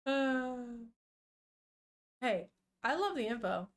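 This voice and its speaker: Reading a manga aloud on her stream, a young woman with a high-pitched voice reacts as she goes. She's animated and unfiltered, cursing freely, laughing a lot, and greeting her chat.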